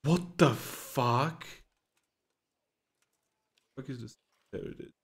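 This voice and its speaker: A man's voice: mid-range voice, extremely slow. A man giving let's-play reaction commentary, incredulous and exasperated, swearing and bursting into laughter at the game. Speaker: gaming YouTuber.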